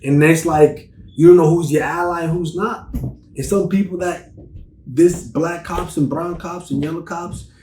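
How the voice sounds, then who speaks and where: A young man in his twenties chatting casually on a podcast, animated and profane, acting out stories in voices. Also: a little high, unhurried, slight background noise. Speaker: podcast host. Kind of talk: casual chat. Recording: echoey room.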